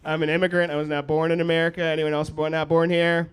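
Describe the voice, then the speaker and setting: Heavy background noise and loud crowd laughter surround this India-born comedian as he jokes at his own expense and chats with the audience at a comedy club. He speaks quickly in a fairly high, monotone voice.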